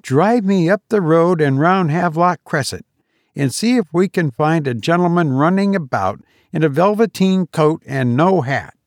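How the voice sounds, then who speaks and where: A high, fluttery voice belongs to a fussy Victorian housewife, put on by a male reader. She frets with every line. The sound is close and dry. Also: animated, normal speed, darkish tone, no room sound. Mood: anxious. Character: fussy middle-aged Victorian wife, easily alarmed.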